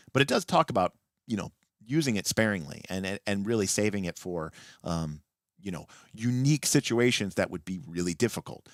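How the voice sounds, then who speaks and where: A man hosting a late-night livestream and explaining tabletop game rules as a game master, animated and often restarting his sentences. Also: fairly low pitch, dry recording, studio quality.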